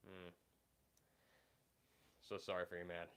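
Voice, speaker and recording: His low voice is monotone, fairly bright and smooth, and he takes things slowly. He's hosting a casual live stream and reading chat while recovering from being ill, rambling hesitantly with lots of fillers.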